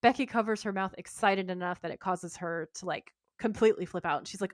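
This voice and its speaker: A woman's voice: medium pitch, a little fast, few pauses, no echo, clean studio sound. A woman co-hosting a podcast, reading a TV episode recap aloud, acting out the lines and laughing as she goes. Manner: reads scene notes aloud, mimicking lines, laughing often. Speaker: podcast co-host.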